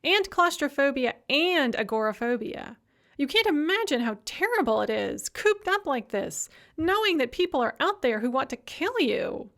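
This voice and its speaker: A woman doing a shrill, supercilious young activist. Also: sing-song, normal speed, fairly bright tone, exaggerated voice. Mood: complaining, superior. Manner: condescending, complaining.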